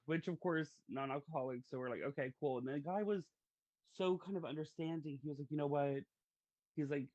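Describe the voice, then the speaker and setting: A man's voice: fairly high pitch, brisk, darkish tone, no echo, dull audio. A man hosting a podcast, telling stories in a chatty, casual way. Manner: chatty, storytelling, uses fillers. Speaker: podcast host. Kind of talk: casual conversation.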